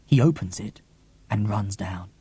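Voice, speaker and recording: Theatrical husky-voiced male storyteller. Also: lowish voice, unhurried, warm tone, dry recording. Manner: theatrical, lots of gasps and whispers. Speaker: audiobook reader. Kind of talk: expressive audiobook narration.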